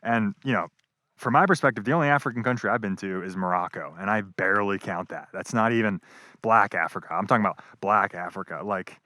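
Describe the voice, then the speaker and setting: A young man tells a travel story in a loose, rambling vlog style, peppering it with swear words and fillers. His voice is on the lower side, and it sounds close and dry on a clip-on mic. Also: fairly quick, bright, forceful tone, no echo. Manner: rambling, profane, full of fillers. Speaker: travel vlogger. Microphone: wireless clip-on mic.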